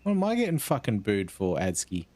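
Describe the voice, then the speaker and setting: A man's voice: lowish voice, wildly swooping pitch, fairly quick, darkish tone. A man streaming a game, chatting casually and joking with a friend. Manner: joking, laughs at his own lines. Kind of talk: casual gaming chat.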